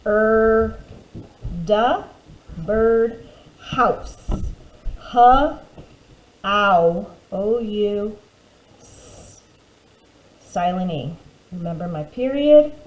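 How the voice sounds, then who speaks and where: Woman teacher, phonics lesson for young kids, slow and deliberate, sounds out every syllable; roomy recording. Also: mid-range voice, a little mellow. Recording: echoey room with faint background hiss.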